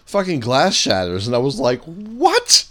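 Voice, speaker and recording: A man co-hosting a casual wrestling recap chat, animated and excitable when retelling big moments. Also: on the low side, a little fast. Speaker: podcast co-host.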